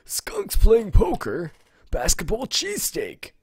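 A man voicing a wild male game character who shouts nonsense words in an unknown tongue. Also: sits high, huge pitch swings, takes it slowly, breathy edge, no echo, pitched above the performer's own voice, full character voice. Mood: babbling. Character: babbling man in a strange language, wild.

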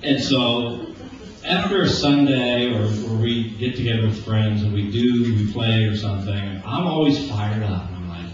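A man in his forties preaching a casual, conversational sermon. He jokes and acts out everyday conversations in lively voices. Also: on the low side, moderate pace, crowd noise. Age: 40s. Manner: animated and joking, acting out everyday dialogue. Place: church sanctuary. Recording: echoey church, distant, dull lo-fi with hiss.

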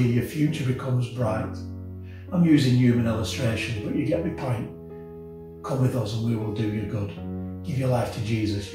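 Male pastor, earnest impassioned sermon, boomy church room, mic a bit far off. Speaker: senior pastor. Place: church auditorium. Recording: echoey church hall, mic at a distance. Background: soft guitar music.

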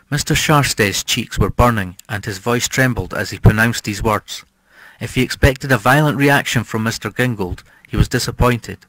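Man, audiobook narrator, measured storytelling, average pitch, dry close sound. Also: fairly bright tone, no echo, rough recording. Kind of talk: scripted narration.

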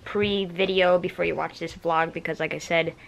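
A man's voice: a little high, fairly even intonation, normal speed, creaky, a crowd in the background, poor audio. A young man vlogging casually from a hospital room, tired after surgery, rambling with many fillers and restarts. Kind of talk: casual vlog chat.

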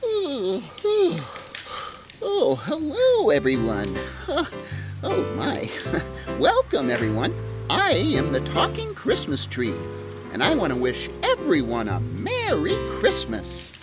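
A woman's voice: mid-range voice, wildly swooping pitch, slow pace. A woman voicing a giggly talking Christmas tree. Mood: excited. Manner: bubbly, giggly, sing-song, coaxing an audience. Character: cheerful female talking Christmas tree, jolly host. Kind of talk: children's show character voice. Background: jingle bell music.

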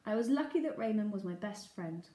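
A woman's voice: mid-range voice, animated, fairly quick, warm tone, echoey room, close to an everyday voice. A woman voicing a sad young shark boy.

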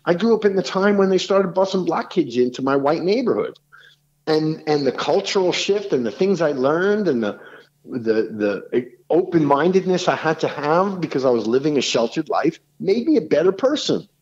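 Animated New man, lively pitch. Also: normal speed, muffled recording. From New York City. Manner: animated, rambling storyteller with frequent restarts. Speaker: rock singer, podcast guest. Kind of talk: casual podcast conversation.

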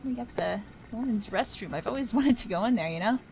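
A chatty young woman with a fairly high voice, cracking jokes as she plays a game and talking back to the characters on screen. The recording is noisy, with game sounds running underneath. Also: lively intonation, brisk, a little mellow. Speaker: gaming channel host. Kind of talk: casual let's play commentary.

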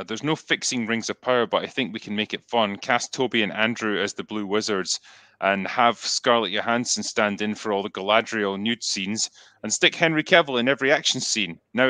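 A man's voice: on the low side, pushed and bright, dry recording. A man hosting a casual chat, reading out viewer questions and swearing freely. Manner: profane, laughs easily. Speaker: host.

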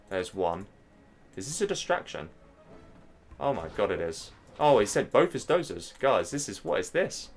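A man in his thirties from England casts a live strategy match in a low voice, chatting with his viewers between plays. Music runs faintly underneath the talk. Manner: chatty, addresses the chat directly, gets excited at plays. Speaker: stream host and caster. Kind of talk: live game commentary.

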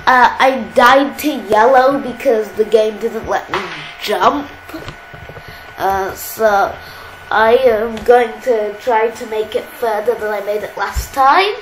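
A woman's voice: on the high side, slow. A woman hosting her gaming channel, chatting casually and poking fun at herself while she plays. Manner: chatty, self-deprecating, easily excited. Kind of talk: casual game commentary. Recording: roomy echo, faint background hiss.

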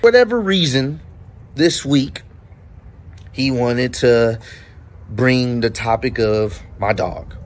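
A man's voice: mid-range voice, slow, long pauses. A man hosting his own vlog, talking casually and with exasperation, swearing freely. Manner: exasperated, profane, conversational. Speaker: vlog host. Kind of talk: casual rant to camera.

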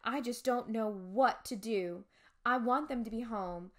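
A woman reading a storybook aloud, voicing a terrified young girl who calls out high and panicked. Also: unhurried, close to an everyday voice. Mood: shaky.

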